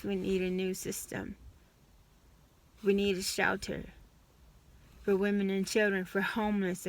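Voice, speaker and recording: A woman's voice: mid-range voice, fairly bright tone. A woman vlogger speaking in a frustrated, emphatic personal rant, sighing between points.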